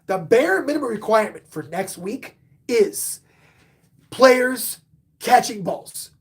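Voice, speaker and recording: A man hosting a casual live-stream sports talk show, excitable, swinging between loud outbursts and muttered asides. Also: very high-pitched, slow pace. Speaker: podcast host and sports fan; bartender.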